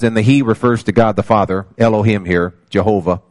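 A man's voice: fairly low pitch, steady tone, fairly quick, darkish tone, no echo. An older man preaching a sermon, calling out to his congregation and reading scripture aloud with rising emphasis. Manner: preaching with call-outs to the congregation. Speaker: pastor.

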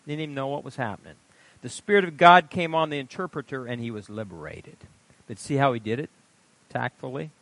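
A male pastor preaching at a midweek church service, reading passages aloud with emphasis and dropping into quiet offhand asides. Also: medium pitch, fairly quick, dry recording. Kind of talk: sermon reading aloud from a book.

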